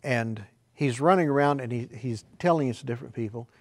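A man preaching a sermon, telling rambling folksy stories and swinging from quiet asides to loud, shouted emphasis. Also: medium pitch, brisk.

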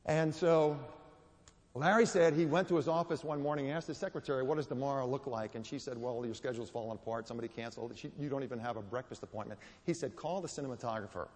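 A man's voice: mid-range voice, quick pace, darkish tone. Guest preacher, man, sermon storytelling with strong emphasis, reverberant church hall.

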